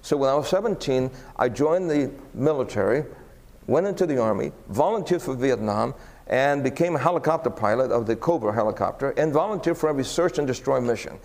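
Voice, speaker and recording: Gravelly preacher telling a story in an echoing hall. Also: male voice, mid-range voice, brisk. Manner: animated, voice rising for quoted exclamations. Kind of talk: sermon storytelling.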